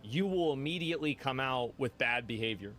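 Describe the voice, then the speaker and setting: A man argues his case in a dismissive, lecturing way at a middle pitch. Faint music plays beneath his voice. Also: lively intonation, a little fast, fairly bright tone. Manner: dismissive, argumentative. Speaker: streamer in a played clip. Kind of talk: argumentative talk.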